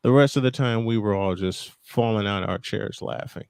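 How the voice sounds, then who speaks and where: A man's voice: lowish voice, normal speed, creaky, a little mellow, smooth, no echo. A man hosting a casual talk show, telling stories with frequent laughs and restarts. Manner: laughing, storytelling, repeats himself. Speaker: show host. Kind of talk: casual podcast chat.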